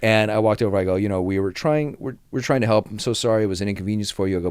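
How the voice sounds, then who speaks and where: A man's voice: fairly low pitch, very fast, clear, resonant tone, dry recording. A man hosting a podcast, telling workplace stories in casual chat and acting out the people in them. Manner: animated, acts out voices in his stories. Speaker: podcast host.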